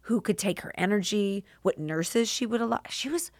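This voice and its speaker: A woman's voice: mid-range voice, moderate pace, no echo, studio quality. A woman speaking as a podcast guest, heartfelt and open, sometimes tearful and often laughing as she talks. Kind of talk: emotional interview conversation.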